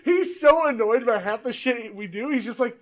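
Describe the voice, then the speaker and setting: Excitable high-voiced young man, swearing. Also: moderate pace. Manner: excitable, swears a lot, laughs often. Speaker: podcast host. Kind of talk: casual podcast chat.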